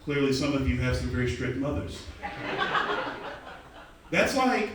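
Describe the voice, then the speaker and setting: Man, profane stand-up, loud crowd noise, roomy club sound. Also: medium pitch, big pitch swings, a little slow. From American South. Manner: brash, profane, banters with the crowd. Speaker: stand-up comedian. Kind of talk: live stand-up comedy. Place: underground comedy club. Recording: distant mic in an echoey club, loud crowd.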